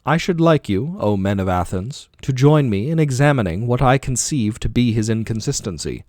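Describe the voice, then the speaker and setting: Guy reading as an old philosopher on trial, ironic and probing, really lively pitch, dry sound. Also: normal speed, no echo, close to an everyday voice. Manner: probing, rhetorical questioning. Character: aging male philosopher arguing in court, ironic. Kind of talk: audiobook dialogue reading.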